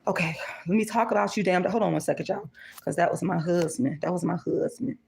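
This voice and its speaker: A woman's voice: lowish voice, brisk, creaky, darkish tone. A middle-aged woman hosting her livestream, ranting in a profane, repetitive way and greeting viewers. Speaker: livestream host.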